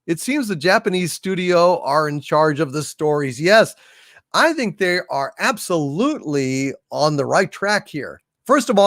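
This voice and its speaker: A man's voice: on the high side, no echo, studio quality. A man hosting a casual livestream, reading out viewer messages and chatting about them. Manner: reads viewer messages aloud, chatty and lively. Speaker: livestream host.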